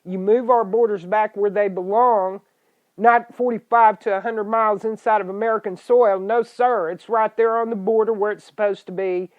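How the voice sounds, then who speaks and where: A middle-aged woman with a drawl rants at her podcast listeners in an angry, scolding voice that keeps jumping into loud outbursts. Her pitch sits in a middle range for a woman, and the stream sounds dull and muffled, like lo-fi internet radio. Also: steady tone, normal speed. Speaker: podcast host. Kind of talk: ranting political podcast monologue.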